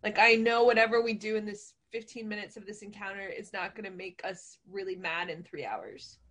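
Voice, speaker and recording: A woman's voice: mid-range voice, brisk, a bit bright. A woman co-hosting a podcast, chatting eagerly about playing the game and often checking for agreement. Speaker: podcast co-host and player. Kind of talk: casual chat.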